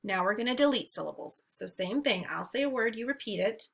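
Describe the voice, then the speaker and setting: A woman teacher leading a phonics drill for young children, modeling each word slowly and clearly for them to repeat. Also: fairly high pitch, lively intonation.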